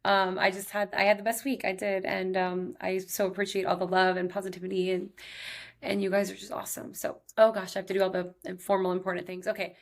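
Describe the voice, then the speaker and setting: A woman's voice: mid-range voice, flat delivery, a little fast. Chatty woman podcaster in her thirties. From Texas. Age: 30s. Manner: chatty, heavy use of "like", emotional and upbeat. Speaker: podcast host. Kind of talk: casual personal storytelling monologue.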